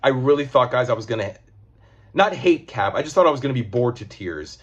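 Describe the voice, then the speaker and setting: A man's voice: mid-range voice, expressive, fairly quick, slightly rough, dull audio. A man giving a casual, rambling comic book review, loose and profane.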